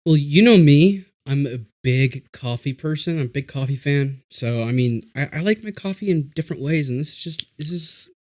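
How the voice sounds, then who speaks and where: A man's voice: on the high side, lively intonation, normal speed, few pauses, darkish tone. A man chatting casually as a guest on a podcast, easygoing and agreeable. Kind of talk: casual chat.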